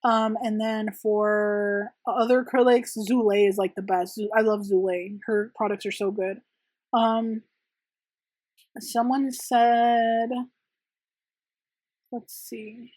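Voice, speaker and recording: This young press-on nail maker and channel host rambles through viewer questions in a casual Q&A vlog recorded in a room at her home, using many "like" and "um" fillers. Her fairly high, slightly mellow voice stays level, and she speaks slowly with long pauses. There's no echo.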